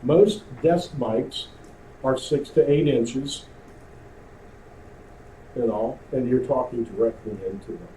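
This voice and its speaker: A man's voice: medium pitch, slow pace, pauses often, mellow. A man teaching a radio communications class at a club meeting, talking conversationally and quizzing the room. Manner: conversational, asks the room questions. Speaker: amateur radio instructor. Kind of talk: classroom lecture with audience questions. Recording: roomy, distant, faint hiss.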